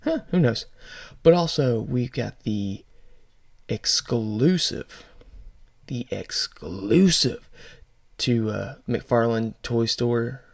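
Gravelly joking podcast host, man. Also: medium pitch, expressive, slow, a little mellow, dry recording, clean studio sound. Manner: jokey, self-deprecating, playful asides. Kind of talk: casual joke-telling and toy news chat.

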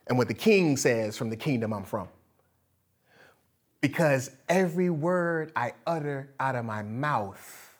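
A man delivering a sermon to his congregation, with a voice that sits a bit above the usual male range. He preaches in a lively, conversational way, breaking into laughter and side remarks as he goes. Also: on the high side. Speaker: pastor.

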